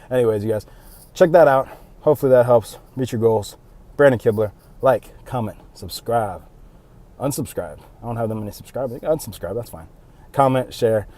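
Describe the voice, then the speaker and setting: A man's voice: medium pitch, moderate pace, pauses often, warm tone. Out-of-breath man vlogging casually. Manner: loose, rambling, with fillers and self-mocking asides. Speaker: powerlifting vlogger. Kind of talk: casual vlog monologue. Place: outdoors while doing cardio. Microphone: phone held in hand.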